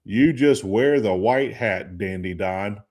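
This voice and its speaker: Guy doing a brash pompous new york sportscaster, slow and self-important, fairly low voice. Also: a little mellow. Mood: grandiose.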